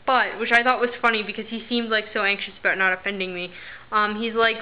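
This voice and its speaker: A woman's voice: a little high, flat delivery, fast talker, a little hiss or hum. A young woman vlogging in casual chat, rambling and voicing the people in her stories. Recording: slightly dull lo-fi recording.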